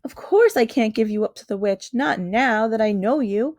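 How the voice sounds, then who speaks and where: A gentle, fretful male faun speaks with earnest, polite remorse, as a woman reads him aloud. The voice sits a little high and the recording is close and dry, with no room sound. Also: normal speed, no echo, lightly acted. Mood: urgent. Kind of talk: storybook reading.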